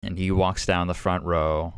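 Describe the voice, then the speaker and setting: A man's voice: deep voice, little pitch movement, normal speed, smooth, dry recording, clean studio sound. A man running a tabletop game as game master, narrating in a rambling, hesitant way full of fillers.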